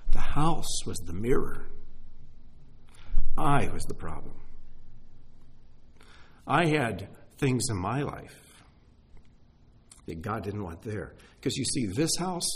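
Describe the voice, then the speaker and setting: A middle-aged man preaching a sermon, emotional, swinging from hushed asides to exclaiming. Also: mid-range voice, husky. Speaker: pastor.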